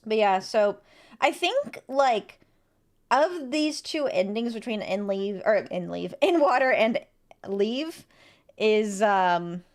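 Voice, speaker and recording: A woman streamer giving casual, animated gameplay commentary with quick asides and laughter. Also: medium pitch.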